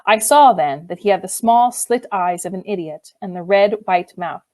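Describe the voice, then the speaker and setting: A woman narrating a novel in the first person, measured and expressive. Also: lowish voice. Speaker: audiobook reader.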